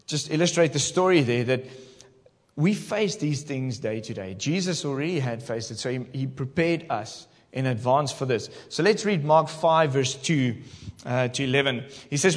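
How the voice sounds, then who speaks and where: A male pastor preaching a sermon in an animated way, talking straight to his congregation in church. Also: mid-range voice, moderate pace, in a large hall.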